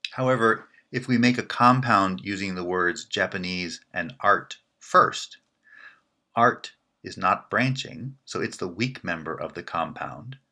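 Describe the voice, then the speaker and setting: Guy teaching linguistics, deep voice, slow careful pace, keeps asking right?. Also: sharp tone. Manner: measured and explanatory, with frequent "right?" check-ins. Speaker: linguistics lecturer. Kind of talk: recorded lecture.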